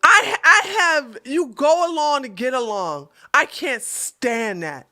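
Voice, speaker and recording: A woman vlogger telling a story to her viewers in a casual rant, animated and exasperated, talking straight to them. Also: sits high, slow pace.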